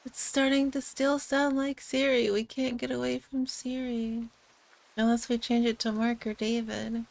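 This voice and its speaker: Woman streamer, casual chat, unhurried and giggly, slightly high voice. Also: little pitch movement, creaky, a little mellow, low-quality recording. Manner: giggly, chatty, easygoing.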